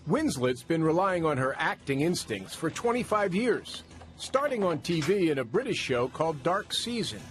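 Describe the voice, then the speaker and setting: A male TV news correspondent narrating a profile piece in a polished, slightly wry manner. His fairly high voice moves with lively intonation. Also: normal speed. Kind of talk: scripted narration and interview.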